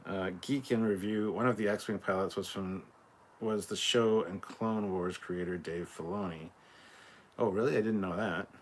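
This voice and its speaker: Hosting a laid-back live stream, a man from Scotland reads out viewers' comments and replies in a chatty, casual way, cursing freely throughout. His very deep, low voice moves at normal speed, with a little hiss or hum in the recording.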